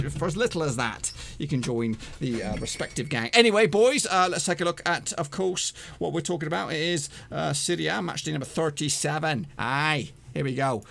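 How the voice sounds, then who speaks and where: A man hosting a football prediction channel, chatting casually in an energetic, jokey, rambling way with lots of fillers. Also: fairly high pitch, creaky, slight background noise. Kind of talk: casual chat to camera.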